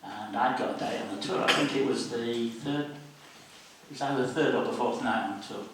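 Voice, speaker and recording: A man in his seventies, a guest at a public meeting, telling anecdotes in a lively storyteller's way and briefly voicing the people he quotes. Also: medium pitch, normal speed, background noise. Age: 70s. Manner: lively raconteur, acts out quoted voices. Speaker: interview guest, former student union officer. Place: civic meeting hall. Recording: very echoey hall, distant mic.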